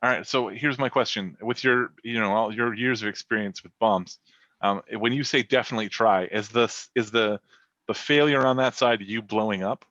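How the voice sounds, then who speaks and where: A man's voice: lowish voice, normal speed, a bit bright, no echo, lo-fi sound. A man playing a tabletop role-playing game, talking casually and stumbling over restarts. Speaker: player.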